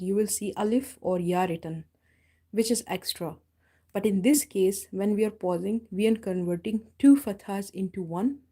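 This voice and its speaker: A woman teaching a live online recitation lesson, explaining pronunciation rules patiently and slowly drawing out words to model them. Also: mid-range voice, mellow. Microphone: live stream mic.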